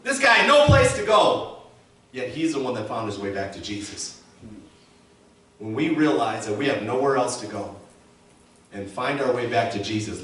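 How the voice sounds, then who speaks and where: Preaching with emphasis, a man leading as pastor prompts his congregation to repeat his words. His mid-range voice is fairly bright, with a little hiss or hum, and the sound is distant and echoey from inside a church sanctuary.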